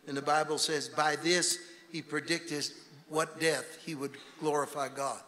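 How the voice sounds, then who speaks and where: A man preaching a revivalist sermon as a guest preacher in a church, swinging from shouting to hushed intensity. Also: a little high, steady tone, unhurried. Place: church sanctuary. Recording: reverberant church hall, faint room noise.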